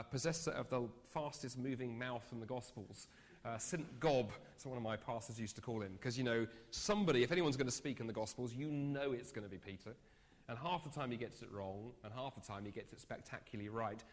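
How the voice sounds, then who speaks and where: Animated man teaching in an echoing hall. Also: mid-range voice. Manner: lively storytelling with self-mocking humor. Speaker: speaker. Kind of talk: evangelism training talk. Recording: echoey hall sound.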